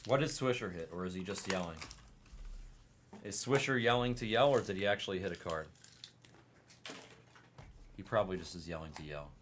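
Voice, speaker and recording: A man hosting a live card break, commenting in a casual, excitable way and teasing his chat. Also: low-pitched, normal speed, long pauses, background noise.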